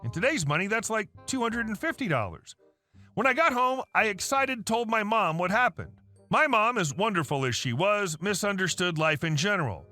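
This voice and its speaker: Male narrator, reddit stories, high bright voice, faint music underneath. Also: big pitch swings, moderate pace. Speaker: story narrator.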